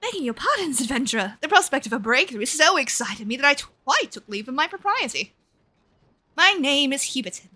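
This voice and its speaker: A woman voicing an excitable, tactless young male scholar who speaks in formal, old-fashioned phrases. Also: fairly high pitch.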